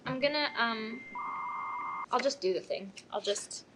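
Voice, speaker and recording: A woman's voice: fairly high pitch, a little slow, very noisy. A woman playing a card game with friends, hesitant and full of ums. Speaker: player. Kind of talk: casual chat over a tabletop card game.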